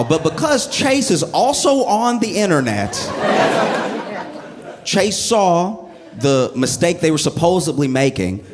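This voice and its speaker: Comedian, male, fairly high voice, lively stand-up storytelling. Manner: animated storytelling with laughter.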